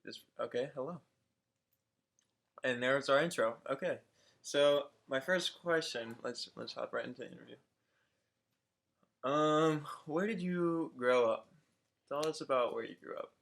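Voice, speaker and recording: A man's voice: medium pitch, a little slow, creaky, long pauses, fairly bright tone. A young man hosting a casual home interview with his mother, playful and a bit hesitant with fillers.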